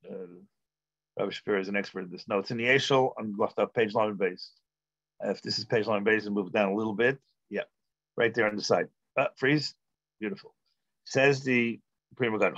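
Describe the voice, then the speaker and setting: A man, a rabbi, teaching a text-study class, thinking aloud with halting restarts and filler sounds. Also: mid-range voice, fairly bright tone, no echo, muffled recording.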